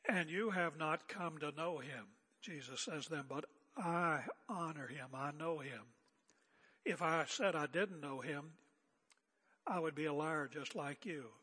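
A man's voice: on the high side, unhurried, pushed and bright, breathy edge, in a large hall. An older man preaching an expository sermon as pastor, conversational and emphatic with joking asides.

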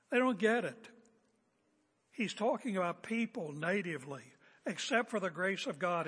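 A man's voice: sits high, fairly bright tone, breathy edge. A man preaching a sermon as a pastor, emphatic and confrontational, hammering home repeated phrases. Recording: echoey hall with long reverb.

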